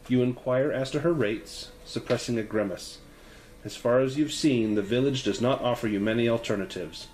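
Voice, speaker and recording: A man's voice: mid-range voice, moderate pace, slight background noise. A man narrating a solo tabletop game as game master, reading prose and chatting casually. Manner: expressive, reads prose then chats casually. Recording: faint ambient music behind.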